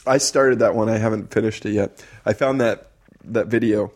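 A man's voice: lowish voice, steady tone, moderate pace. A man in his thirties co-hosting a podcast, telling rambling stories in casual chat and laughing as he talks. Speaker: podcast co-host.

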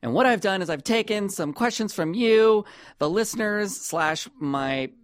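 A man hosting a comedy podcast, talking in a playful, rambling, animated way. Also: sits high, a little slow. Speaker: podcast host. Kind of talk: casual comedic chat.

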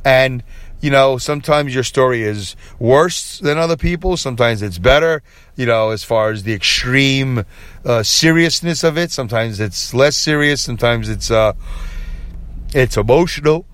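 A tired, yawning middle-aged man hosts a late-night solo podcast, his medium-pitched voice smooth, a bit bright, and moderately paced with no room sound. He talks candidly, rambling with many fillers and restarts.

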